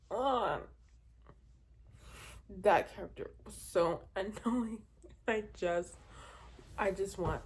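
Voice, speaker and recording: A woman's voice: lowish voice, takes it slowly, pauses often, a little mellow, breathy edge. A young woman chatting casually as a book vlogger, rambling with many fillers and laughs, and easily exasperated. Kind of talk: casual reading wrap-up chat.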